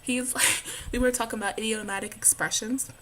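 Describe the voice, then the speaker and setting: A young adult college student vlogs casually, bubbly and giggly and saying "like" a lot. Her voice is on the high side and a bit bright, with fairly even intonation and a slightly fast pace. A little hiss or hum can be heard.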